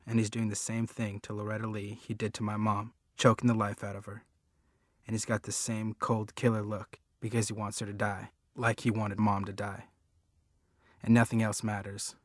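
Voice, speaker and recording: Man narrating a first-person novel, earnest, low and level. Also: no echo, studio quality. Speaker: audiobook reader.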